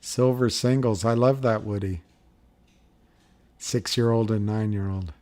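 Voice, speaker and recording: A man's voice: on the low side, fairly even intonation, unhurried, warm tone. A middle-aged man hosting a livestream, chatting casually and rambling through viewer comments with frequent chuckles. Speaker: livestream host.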